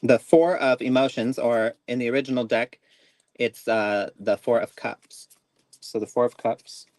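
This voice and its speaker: A man hosting a casual live psychic stream, animated and laughing as he tells stories and reads tarot cards. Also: medium pitch, unhurried, dry recording. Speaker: psychic reader host.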